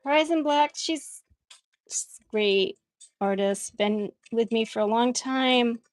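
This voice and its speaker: A woman's voice: fairly high pitch, slow pace, dry recording, studio quality. A woman chatting casually with viewers while she draws on a livestream, laughing often as she reads out their comments. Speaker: art livestream host.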